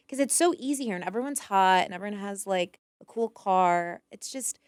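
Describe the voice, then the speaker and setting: A woman chatting as a podcast guest, candid and loose, dropping swear words and quick asides. Her voice is smooth and clear. The sound is dry and close. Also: mid-range voice, animated, dry recording. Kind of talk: casual chat.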